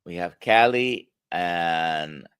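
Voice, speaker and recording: A man with a Spanish accent and a low voice that swings widely in pitch, recorded dry and close. He co-hosts a live health show as a doctor and talks in an animated way. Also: drawn-out words, clear, resonant tone, dry recording. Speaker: doctor and co-host.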